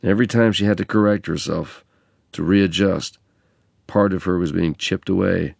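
A man from England narrating a memoir in a measured, reflective reading. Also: sits low, gravelly, a little mellow, slightly rough, no room sound, clean studio sound.

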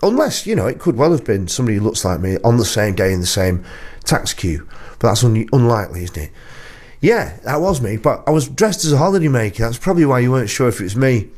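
A man's voice: lowish voice, darkish tone. A man presenting a radio show, chatting casually as a rambling, self-deprecating storyteller into a studio microphone.

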